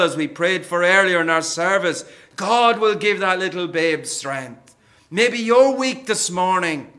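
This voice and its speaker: A man preaching a gentle sermon, often calling his listeners friends. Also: high voice. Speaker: pastor.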